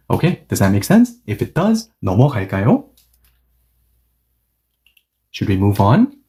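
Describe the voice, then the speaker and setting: A man's voice: fairly low pitch, wildly swooping pitch, brisk, pauses often, warm tone. A man teaching a language grammar lesson, patiently repeating and restating each point and reading example sentences aloud at several speeds.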